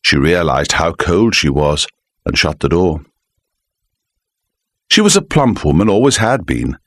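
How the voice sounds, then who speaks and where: A man reading a mystery audiobook, telling the story in a measured, expressive manner into a close microphone. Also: sits low, no echo. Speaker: audiobook narrator. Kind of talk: scripted narration.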